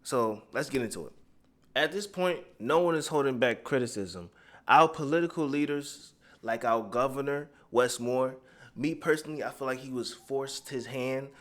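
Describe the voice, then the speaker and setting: A man's voice: medium pitch, normal speed, a bit bright. A man giving heated, profane commentary, rambling and drifting off his script. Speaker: commentary vlogger.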